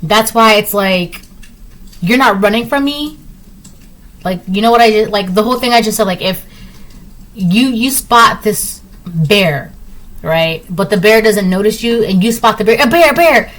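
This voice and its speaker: A woman's voice: medium pitch, normal speed, fairly bright tone, poor audio. A woman giving a casual tarot reading to her viewers. She repeats herself often and keeps checking in with "right?". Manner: acts out little voices in her examples. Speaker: tarot reader.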